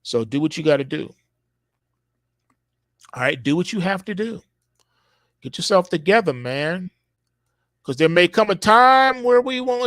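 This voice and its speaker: A man's voice: on the high side, a bit bright, no room sound, clean studio sound. A man hosting a live stream, talking in an emphatic, preachy way, repeating himself and stretching words out for effect.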